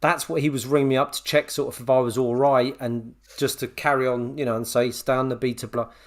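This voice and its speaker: A man co-hosting a podcast, telling a story with lively re-enactments of a phone call. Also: mid-range voice, a little fast. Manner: animated storyteller, acts out both sides of a phone call. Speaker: podcast co-host. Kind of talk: casual chat, storytelling.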